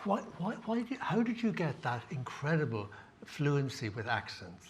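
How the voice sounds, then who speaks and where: A man's voice: on the high side, very animated, normal speed, breathy edge. A man hosting a casual interview, asking friendly, playful questions.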